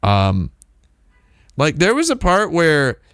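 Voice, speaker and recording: A man's voice: fairly high pitch, wildly swooping pitch, takes it slowly, a bit bright, no room sound, studio quality. A man hosting a live stream, chatting casually in a rambling, digressive way with lots of restarts. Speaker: livestream host.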